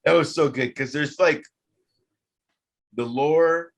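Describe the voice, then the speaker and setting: A man chatting on a casual podcast, excitable and swearing constantly. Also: a little high, slow, creaky.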